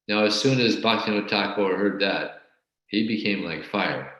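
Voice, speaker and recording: A man teaching a scripture class and telling a story in a halting way, often repeating words. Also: fairly low pitch, fairly bright tone. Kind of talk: storytelling religious lecture. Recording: very echoey room.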